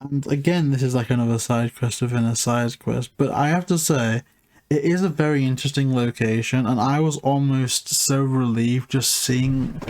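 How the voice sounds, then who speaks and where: Casual male co-host, loose and rambling, mid pitch. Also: fairly even intonation, moderate pace, darkish tone. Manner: rambling, heavy use of filler "like". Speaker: podcast co-host reviewing a film. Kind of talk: casual chat.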